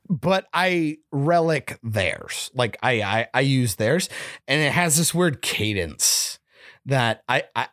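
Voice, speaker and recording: A woman's voice: rumbling low, dry recording, studio quality. A woman co-hosting a podcast, ranting casually and profanely about a movie. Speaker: podcast co-host. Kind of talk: casual chat, movie review.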